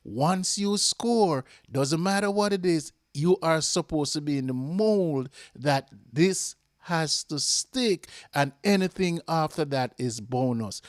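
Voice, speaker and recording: A Jamaican man hosting a fan channel, giving an impassioned match reaction that repeats itself and flares up before calming. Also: a little high, slow pace, few pauses, dry recording, studio quality. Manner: impassioned, repeats himself, flares up then calms.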